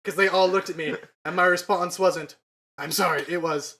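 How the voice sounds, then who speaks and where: A man's voice: sits high, steady tone, normal speed, bright, forceful tone. A young man co-hosting a podcast in casual chat, joking crudely and telling stories with animation. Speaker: podcast co-host.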